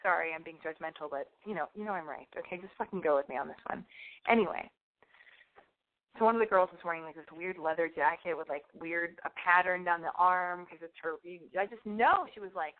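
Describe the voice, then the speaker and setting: Blunt, profane woman, voice going hoarse. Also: on the low side, brisk. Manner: blunt, profane, rambling and animated. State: losing her voice. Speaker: storyteller. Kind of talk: casual anecdote monologue. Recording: tinny phone-like sound.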